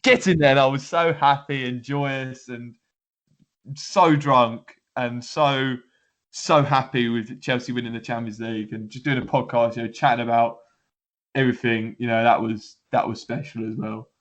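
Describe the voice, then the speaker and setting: A man's voice: medium pitch, fairly even intonation, normal speed, fairly bright tone. A man co-hosting a football podcast, talking in a rambling, laughing way with lots of restarts. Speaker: podcast co-host. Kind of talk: casual chat.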